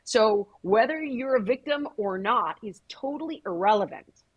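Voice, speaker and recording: Husky, blunt middle-aged woman. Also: a little high, expressive, moderate pace, highs cut off. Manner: blunt, emphatic and profane. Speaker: interview guest. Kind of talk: candid conversational interview.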